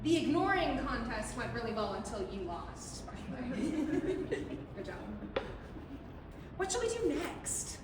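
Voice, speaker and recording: A woman's voice: a little high, very animated, a little slow, long pauses. A woman performing live improv comedy, bubbly and playful, laughing often. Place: live theater stage. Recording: echoey hall from far off with loud noise.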